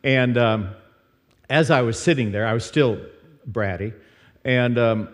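A man's voice: medium pitch, a little slow. A middle-aged man from Nashville telling a story in a casual, self-deprecating sermon at a church service, with lots of fillers and asides. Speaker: speaker teaching at a church service. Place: church sanctuary. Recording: long hall reverb from a church.

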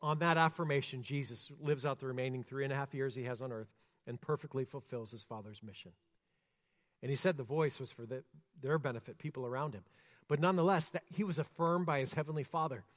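A man preaching a sermon, earnest, rising to emphasis and dropping soft and slow. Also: medium pitch. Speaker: pastor. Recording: long reverb of a church hall.

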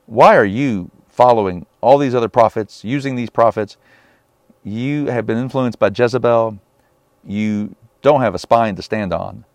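A man's voice: fairly low pitch, a little mellow, dry recording. A man preaching a sermon on a Bible passage, emphatic and often asking his listeners rhetorical questions.

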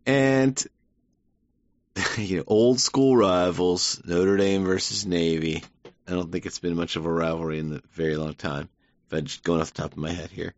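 Wry male podcast host, rambling and amused, low voice, dull dry recording. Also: dry recording. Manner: rambling, wry, laughs often. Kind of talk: casual monologue.

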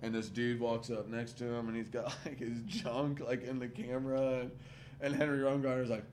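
A man in casual chat, retelling a film with rambling, profane excitement. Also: medium pitch, brisk, a little hiss or hum.

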